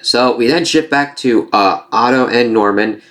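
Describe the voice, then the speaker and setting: A man's voice: medium pitch, unhurried, fairly bright tone. Rambling casual male comic reviewer. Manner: rambling, casual, swears freely.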